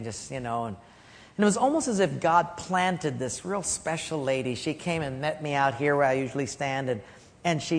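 A man in his fifties preaching a storytelling sermon, dropping to a soft hush for key points. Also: medium pitch. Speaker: pastor. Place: church sanctuary. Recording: long hall reverb.

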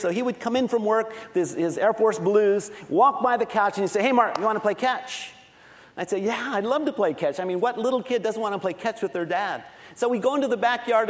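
A man's voice: sits high, long reverb tail. A middle-aged man preaching a sermon, telling family stories with a laughing, self-deprecating manner. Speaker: pastor.

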